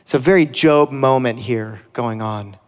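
A man's voice: mid-range voice, unhurried, in a large hall. A man preaching a sermon as pastor, conversational and earnest, with dramatic readings of scripture.

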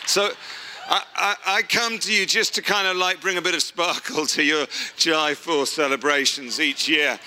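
A British man preaches with a very bright, crisp and smooth voice, dry-witted and playful, tripping over his own words now and then. A long hall reverb trails each phrase. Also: a little high, fairly even intonation, moderate pace. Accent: British English. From England. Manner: witty, self-deprecating, stammering restarts. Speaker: guest preacher. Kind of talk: sermon with humorous asides. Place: church service.

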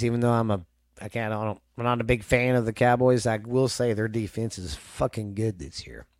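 A man's voice: mid-range voice, a little mellow, no echo, clean studio sound. A man with a Southern US accent hosting a casual sports podcast, rambling loosely through his picks and swearing now and then. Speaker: podcast host.

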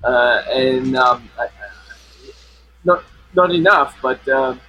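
A man's voice: mid-range voice, takes it slowly, bright, forceful tone, dull audio. A man co-hosting a casual live stream, talking with many stops and restarts, his voice run through a flanger effect. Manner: hesitant, many restarts and fillers. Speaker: co-host. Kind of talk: casual chat.

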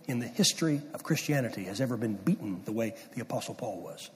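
A middle-aged man preaching a sermon, swinging from loud emphasis down to hushed near-whispers. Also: medium pitch, lively intonation, fairly quick, hardly any pauses, slight background noise. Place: church sanctuary. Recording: distant mic with long hall reverb.

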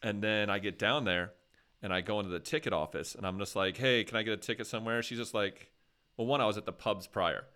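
A man's voice: lowish voice, a little fast, bright, forceful tone. An American man hosting a casual podcast chat, telling rambling, jokey stories. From USA. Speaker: podcast host.

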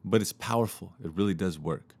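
A man hosting a podcast, teaching communication skills in a relaxed, casual way, with fillers and restarts. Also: low voice, a little fast, breathy edge, no echo. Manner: relaxed, repeats himself, many fillers and restarts.

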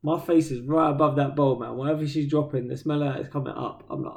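A man's voice: fairly high pitch, fairly even intonation, fast, vocal fry, hardly any pauses, a little mellow. A man, chatting casually on a podcast, tired and telling stories with slang and acted-out quotes. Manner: laid-back storyteller, slangy, acts out quotes. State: tired, yawning. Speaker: podcast co-host. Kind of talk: casual chat.

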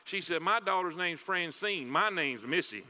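Male pastor, high voice, folksy sermon storyteller, reverberant hall. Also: lively intonation, normal speed, noisy background. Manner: folksy storytelling with repetitions and fillers. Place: church sanctuary.

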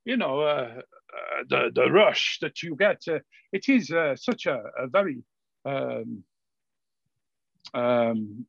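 A man voicing a flamboyant, overly courtly male gambler in a bad put-on Italian-ish accent, halting with many ums and uhs. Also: medium pitch, animated, gravelly, a bit bright, no echo, muffled recording, exaggerated voice. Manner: halting, full of ums and uhs, grandly polite.

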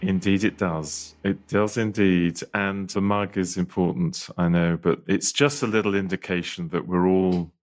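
A man co-hosting a podcast, genial and unhurried, asking friendly follow-up questions. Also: sits low, fairly even intonation. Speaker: podcast co-host. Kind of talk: casual conversation.

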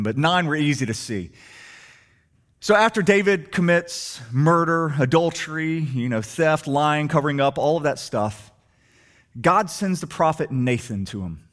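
A man preaching a sermon, asking the congregation rhetorical questions and swinging between soft and emphatic delivery. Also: medium pitch, normal speed. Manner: animated, rhetorical questions, shifting loud and soft. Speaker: pastor.

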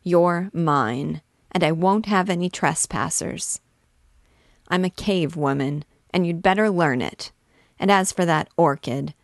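A woman's voice: fairly low pitch, dry recording, studio quality. A woman reading the part of a blunt, plain-spoken young wife who scolds her husband.

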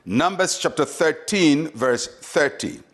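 A man's voice: fairly high pitch, big pitch swings, takes it slowly. A male pastor giving a short devotional sermon, emphatic and repetitive, urging listeners on. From Ghana. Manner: emphatic, repetitive exhortation with acted quotes.

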